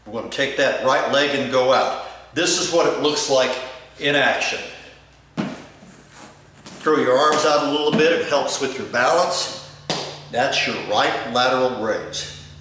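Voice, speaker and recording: An older man coaching step aerobics, calling out each move in an unhurried, steady way. He sounds distant from the mic, and the room is very echoey. A faint noise sits under his voice. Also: medium pitch. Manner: coaching, calls out step moves. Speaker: fitness instructor. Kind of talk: instructional demonstration.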